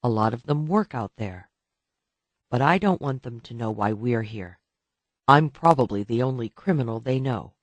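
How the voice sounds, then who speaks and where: A man voicing a calm, firm woman who guides people into hiding, matter-of-fact, in an audiobook. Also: medium pitch, moderate pace, dry recording, dull audio, pitched below the performer's own voice, natural voice.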